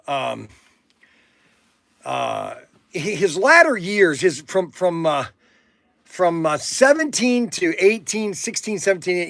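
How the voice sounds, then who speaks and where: A middle-aged man streams live from a warehouse, his voice high-pitched, gravelly and a bit bright with no echo. He chats casually and rambles through folksy stories packed with fillers and restarts.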